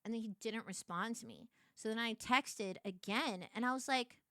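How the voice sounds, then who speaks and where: A young adult woman streamer chatting casually with her viewers, animated and laughing, prone to excited shrieks. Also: fairly high pitch, normal speed, dry recording, studio quality.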